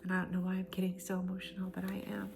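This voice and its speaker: A woman giving a channeled oracle card reading, speaking in slow, emphatic, repeated phrases that often sink into soft, breathy near-whispers. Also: fairly low pitch, completely flat delivery, heavy background noise. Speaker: spiritual oracle card reader.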